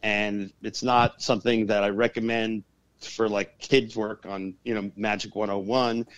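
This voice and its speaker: A man being interviewed as a guest shaman and exorcist, telling stories in an excitable, profane way. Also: lowish voice, measured pace, clear, resonant tone, no echo, low-quality recording. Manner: profane and excitable, acts out the voices in his stories. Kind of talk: animated storytelling in a podcast interview.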